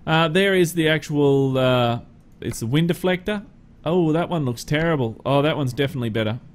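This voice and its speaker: Chatty Australian guy narrating a gameplay review, voice sits a touch high. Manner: chatty, easygoing, many filler pauses. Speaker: game mod reviewer. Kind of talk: casual gameplay commentary.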